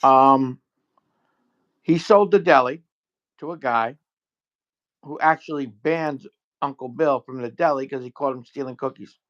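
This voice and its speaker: A man's voice: medium pitch, unhurried, long pauses, fairly bright tone, lo-fi sound. A man chatting casually, blunt and swearing freely, mostly giving short replies. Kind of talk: casual chat.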